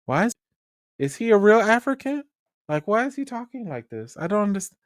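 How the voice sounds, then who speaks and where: A man voicing a bewildered male studio executive who is panicking and firing off rapid, frantic questions. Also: high-pitched, very animated, no echo, pitched above the performer's own voice. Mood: panicked.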